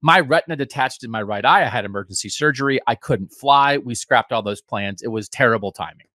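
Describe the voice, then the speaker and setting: Speaking fairly quickly with a sharp tone and a medium pitch, this podcast host, an American man in his fifties, rambles casually through a self-deprecating update from his home. There's no room sound, just clean studio audio.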